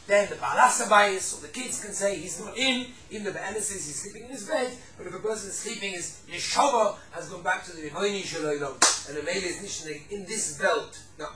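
A man teaching a casual halacha class, animated, acting out quoted speakers and mixing in Yiddish and Hebrew terms. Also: high-pitched, echoey room, distant mic, heavy background noise. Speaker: Torah teacher.

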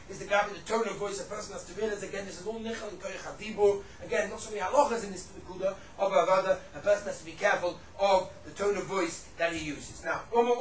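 A man with a high-sitting voice teaches religion, lecturing on Jewish law and ethics. He tells stories animatedly, repeats his phrases, and drops in Hebrew and Yiddish terms. The audio comes from a distant, set-back mic in an echoey room with faint background noise.

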